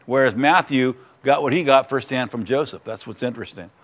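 A pastor with a medium-pitched voice preaches briskly, reading scripture aloud. Between passages he adds earnest, emphatic comments in a conversational way.

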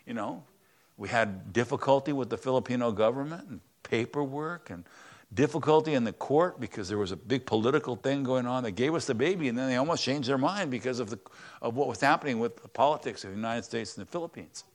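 A man's voice: mid-range voice, lively intonation, fast talker. Emphatic male pastor preaching. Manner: emphatic, swings between loud stresses and quiet asides. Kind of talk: conversational sermon. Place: church.

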